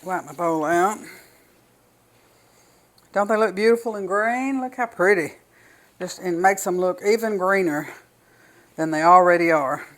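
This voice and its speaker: A woman's voice: lowish voice, unhurried, pauses often, rough recording. An older woman with a Southern US accent, chatting folksily and enthusiastically while demonstrating home cooking in her kitchen.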